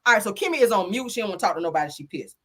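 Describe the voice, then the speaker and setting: A woman's voice: mid-range voice, lively intonation, very fast, pushed and bright. A woman giving a sassy, chatty casual recap of a reality show, calling her listeners honey and child.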